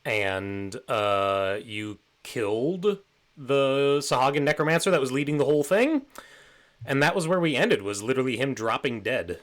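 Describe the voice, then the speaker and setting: A man narrating as game master of a tabletop game, relaxed and rambling with many fillers. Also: mid-range voice, moderate pace.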